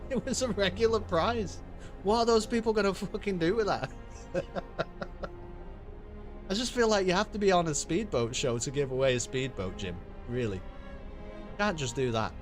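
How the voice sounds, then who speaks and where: A man's voice: high-pitched, moderate pace, long pauses, soft background music. A British man streaming a game, chatting in a casual, sweary and wry way while he laughs along. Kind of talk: casual gameplay commentary.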